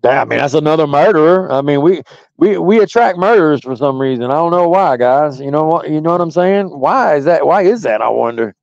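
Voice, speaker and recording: A man's voice: on the high side, lively intonation, a little fast, creaky, a little mellow, dry recording, dull audio. A man hosting a stream, delivering a profane, mocking and combative ranting monologue. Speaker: stream host.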